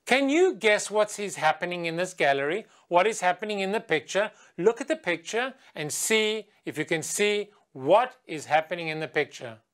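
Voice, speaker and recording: A woman teaches English to children in a slow, clear video lesson, patiently asking quiz questions. She leads the class in a chant, singing it in a higher, lively voice.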